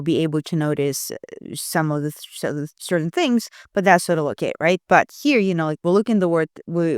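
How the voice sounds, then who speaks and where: Chatty woman teaching copywriting, smooth voice. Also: low-pitched, no echo, studio quality. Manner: chatty, checks in with frequent "right?" and "you know"; thinks aloud while analyzing text. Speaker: copywriting instructor. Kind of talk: casual screen-share walkthrough.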